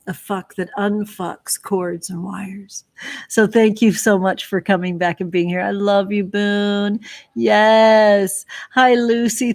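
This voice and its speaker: Gushing woman streamer, slow and affectionate. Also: mid-range voice, no room sound. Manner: gushing, affectionate, calls viewers sweetie; swears casually for laughs. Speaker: livestream host reading chat. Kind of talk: casual livestream chat.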